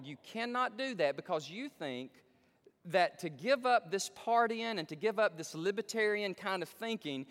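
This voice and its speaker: An emphatic male pastor preaching in a large church sanctuary. His voice is high and very lively, and it swings from hushed pleading to loud excitement. A long hall reverb trails after every phrase. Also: moderate pace. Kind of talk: sermon.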